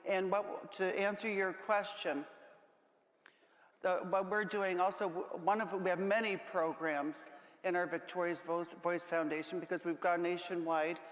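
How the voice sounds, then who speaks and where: Halting, tearful woman in an echoey hall. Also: on the low side, fairly even intonation. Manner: halting, with many restarts. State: holding back tears. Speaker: panel guest. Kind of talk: emotional panel talk. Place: large conference hall. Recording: echoey hall with long reverb.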